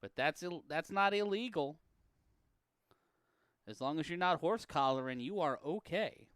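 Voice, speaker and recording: Male commentator, play-by-play, profane, excitable, dry close sound. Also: on the high side, unhurried, clear, resonant tone, dry recording. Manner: profane, erupts into shouting and laughter on big plays. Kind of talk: sports commentary.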